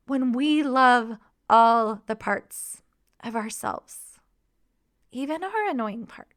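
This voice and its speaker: A woman hosting a podcast, talking in a warm, encouraging coaching tone. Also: high-pitched. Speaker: podcast host and mission coach. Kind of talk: podcast monologue.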